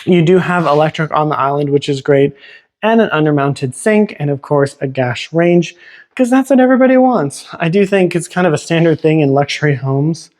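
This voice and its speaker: A man with a slightly higher-than-average voice leads a casual tour through a house. He chats and exclaims over the features as he walks room to room, recorded on a handheld camera. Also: normal speed. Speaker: realtor giving a home tour. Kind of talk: casual walk-through narration. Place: inside a house, walking room to room.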